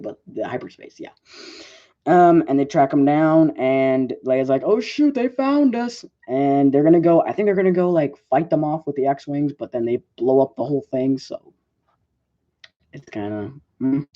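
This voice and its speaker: A man's voice: medium pitch, moderate pace, dark tone. A man giving a casual movie review, rambling with lots of "like" and fillers and often correcting himself, on a dull lo-fi recording. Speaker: film reviewer.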